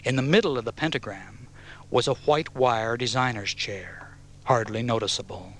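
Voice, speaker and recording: A man's voice: medium pitch, moderate pace, fairly bright tone, a little hiss or hum. Man narrating a dramatic audiobook. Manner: dramatic storytelling.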